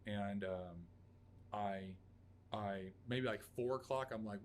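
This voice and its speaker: A man's voice: fairly low pitch, slow. A man in his thirties, a podcast guest, telling an emotional story in a raw, profane way and acting out quotes. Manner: raw, profane, acts out quotes in loud outbursts. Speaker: podcast guest, Army veteran.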